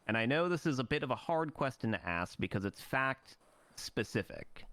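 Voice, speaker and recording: A man's voice: medium pitch, lively intonation, normal speed, a bit bright. A man moderating a debate, pressing candidates with blunt, profane, sarcastic questions.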